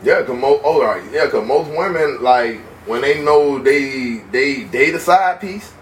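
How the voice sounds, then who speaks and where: A man's voice: mid-range voice, a little slow, far from the mic, slight background noise. Slangy man rambling in an echoey room. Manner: rambling, restarts often, slangy. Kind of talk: casual group debate.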